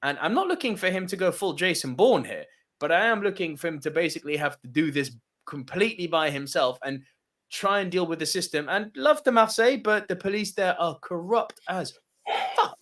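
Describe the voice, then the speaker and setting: Animated swearing man, lively pitch. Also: brisk. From France. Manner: animated, swears a lot, emphatic. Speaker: co-host of a movie podcast. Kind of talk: casual chat.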